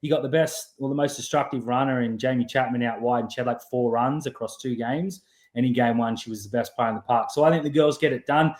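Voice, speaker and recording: Aussie bloke hosting a footy podcast, fired-up opinions, warm voice, roomy echo. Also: male voice, mid-range voice, quick pace. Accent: Australian. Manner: opinionated, animated ranting. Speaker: podcast host. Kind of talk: casual sports podcast chat.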